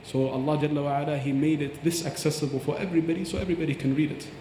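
A man's voice: on the high side, fairly even intonation, racing, warm tone, slight background noise. A man explaining Quran recitation on a podcast, breaking into recited Arabic phrases as he teaches. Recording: echoey hall with long reverb.

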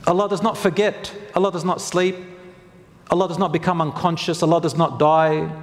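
A man's voice: on the high side, fairly even intonation, brisk. Preacher man in a reverberant hall. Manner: asks the audience questions, jokes with them. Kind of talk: sermon.

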